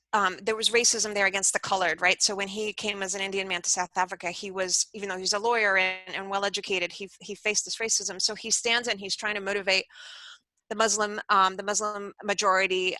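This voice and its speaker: Earnest woman guest telling a story, bright voice, dry close sound. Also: medium pitch, steady tone, fairly quick, no room sound, rough recording. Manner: earnest, acts out quoted voices. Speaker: interview guest. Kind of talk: conversational storytelling.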